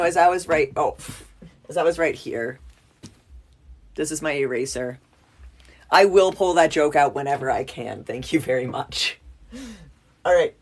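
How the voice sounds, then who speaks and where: A woman with a husky, fairly low-pitched voice teaches a casual, playful math lesson at a whiteboard. She's chatty as she works, tossing in self-mocking jokes along the way.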